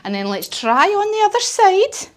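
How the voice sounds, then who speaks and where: A woman's voice: very high-pitched, big pitch swings, moderate pace. A woman telling a story while leading a children's yoga class, playful and encouraging. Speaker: kids yoga teacher.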